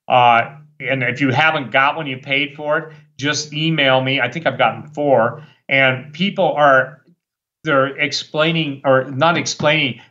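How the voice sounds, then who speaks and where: A man's voice: mid-range voice, pushed and bright, lo-fi sound. A man speaking as a guest preacher on a talk show, worked up and fiery, rambling with many restarts. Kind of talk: impassioned talk-show monologue.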